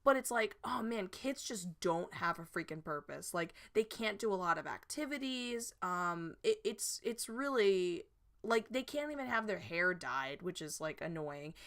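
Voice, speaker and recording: A woman's voice: lowish voice, expressive, measured pace, fairly bright tone. A woman vlogger chatting casually about her game build, rambling and giggly with frequent restarts. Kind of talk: casual chat.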